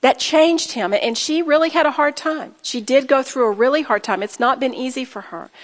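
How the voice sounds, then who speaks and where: A woman's voice: high-pitched, normal speed. A woman giving earnest, emphatic Bible teaching to a women's gathering, rising to fervent declarations. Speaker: women's retreat speaker. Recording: reverberant hall recording.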